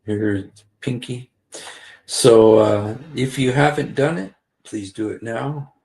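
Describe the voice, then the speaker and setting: A man's voice: mid-range voice, takes it slowly, vocal fry, darkish tone. A man hosting a casual livestream, rambling with many fillers and restarts. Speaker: livestream host.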